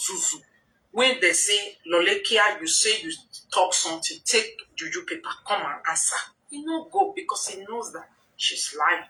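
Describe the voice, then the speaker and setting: A woman's voice: medium pitch, pushed and bright. A woman with a Nigerian accent telling a rambling story to her followers in a casual live video, often quoting what others said. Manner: rambling, conversational, slips into quoted dialogue. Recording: roomy echo, distant from mic.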